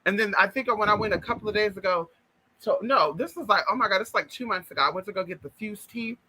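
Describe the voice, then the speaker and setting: A man's voice: high voice, fast, bright, forceful tone, slightly rough, low-quality recording. A man chatting casually to camera in a sassy way, swearing a lot and calling everyone girl and honey. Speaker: vlogger.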